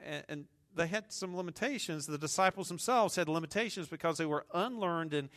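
Southern american man preaching, humorous conversational sermon, bright forceful voice, somewhat higher pitch. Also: fairly quick. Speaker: pastor.

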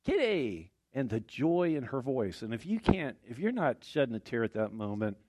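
A man's voice: medium pitch, expressive, normal speed, noisy background. A man preaching a sermon as pastor in a church, folksy and conversational with small jokes. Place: church sanctuary.

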